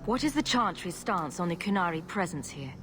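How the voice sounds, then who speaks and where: A woman plays a sarcastic adult heroine in a video game. Her lines come out dry and wry, with lively swings in pitch. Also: a little fast, noisy background, lightly acted. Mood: inquiring. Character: sarcastic adult female hero.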